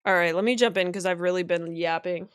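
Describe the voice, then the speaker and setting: A young woman reacting to anime on a live stream, reading out chat messages and talking casually, swearing and getting excited. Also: fairly low pitch, fast, clean tone.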